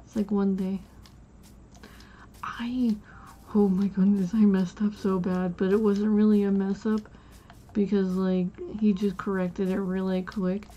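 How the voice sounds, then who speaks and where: A woman with a mellow, soft-edged voice chats casually as a streamer while she plays. She rambles through her stories with plenty of "like" and restarts. The sound is dull and lo-fi, with faint noise under it. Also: medium pitch, level tone, measured pace. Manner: rambling storytelling full of "like" and restarts. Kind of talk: casual chat while playing a game.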